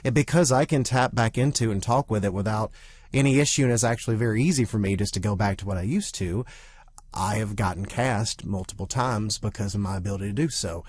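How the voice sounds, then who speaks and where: Animated male podcast co-host. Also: on the low side, a little fast, dry recording. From Southern United States. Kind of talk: casual podcast chat.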